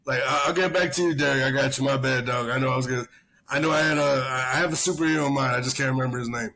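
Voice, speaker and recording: A man co-hosting a casual podcast, talking in a profane, rambling, animated way and telling stories. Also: mid-range voice, rapid-fire, a crowd in the background. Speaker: podcast co-host. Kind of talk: casual chat.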